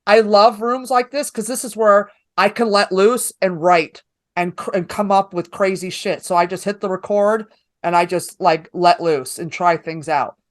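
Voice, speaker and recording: A woman's voice: mid-range voice, steady tone, moderate pace. A woman comedian with a New York accent telling a story in a casual interview, blunt and profane, voicing her own lines with energy. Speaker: stand-up comedian guest.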